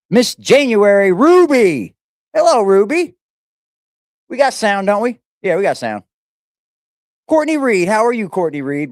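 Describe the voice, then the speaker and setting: A man's voice: high-pitched, very animated, a little slow, long pauses, no echo, clean studio sound. A man hosting a casual livestream, greeting chatters by name in a loose, profane, playful way. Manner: profane, slangy. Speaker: livestream host. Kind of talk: casual live-chat roll call. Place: home. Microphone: fixed camera on a stabilizer.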